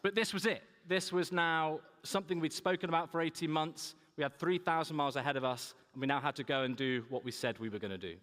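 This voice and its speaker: Young male keynote speaker, humorous storyteller, fairly high voice, reverberant hall sound. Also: fast, few pauses, a bit bright. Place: large conference hall.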